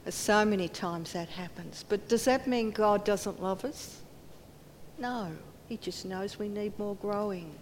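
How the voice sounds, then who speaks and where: A woman giving a sermon in earnest tones, acting out quoted voices and dropping to near whispers. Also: a little slow. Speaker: preacher. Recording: hall reverb, faint rumble.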